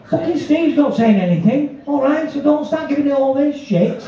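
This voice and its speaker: A man working as a stage hypnotist in a live show, mixing slow soothing commands with crude, teasing banter. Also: extremely high pitch, expressive, recorded from a distance, crowd noise. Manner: drawn-out soothing commands between brash jokes. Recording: dull, echoey live recording from afar.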